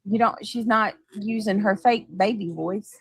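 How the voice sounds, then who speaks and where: A woman co-host speaks in an unhurried way with a mocking edge. She greets chat viewers between her comments, and the sound is close and dry. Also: mid-range voice, slightly rough, dry recording, low-quality recording. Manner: sarcastic, reads out chat names. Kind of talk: casual chat.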